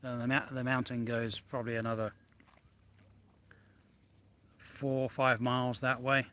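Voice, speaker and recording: A man's voice: medium pitch, little pitch movement, unhurried, bright, forceful tone. A man hosting a casual live stream outdoors by a lake, chatting and reading out viewer comments, filmed on a handheld phone. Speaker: vlog host.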